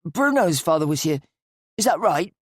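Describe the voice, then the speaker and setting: A woman's voice: on the low side, big pitch swings, normal speed, breathy edge, no room sound, clean studio sound. A woman voicing an earnest, inquisitive young man who asks probing questions in a hesitant way.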